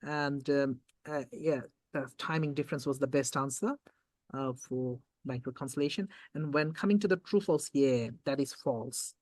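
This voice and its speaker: Revision tutor, mid-pitched, talks students through exam questions step by step and repeats key points; dry close recording. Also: a little mellow, no room sound. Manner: reads questions aloud slowly, quizzes and repeats points.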